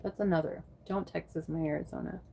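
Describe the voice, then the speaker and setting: A woman's voice: low-pitched, fairly even intonation, brisk, vocal fry, mellow, slight background noise. A woman from the United States chatting casually on a livestream, answering viewers by name and swearing freely. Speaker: live streamer chatting with viewers.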